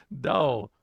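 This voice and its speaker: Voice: medium pitch, vocal fry, slightly rough, dry recording, muffled recording. Streamer chatting with chat, rambling, laughing, dry close mic. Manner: rambling, laughing, trailing off to mumbles. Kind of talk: casual live stream chat.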